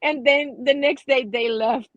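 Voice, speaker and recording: A woman hosting a casual chat, telling a story with many restarts and pauses. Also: high voice, fairly even intonation, no room sound, highs cut off. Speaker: host.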